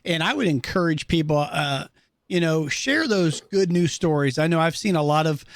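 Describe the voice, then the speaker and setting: A man's voice: fairly high pitch, animated, normal speed, no room sound, studio quality. A man, co-hosting a casual talk podcast and speaking earnestly. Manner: affirming listener, laughs along, then speaks earnestly. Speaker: podcast co-host. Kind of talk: casual chat.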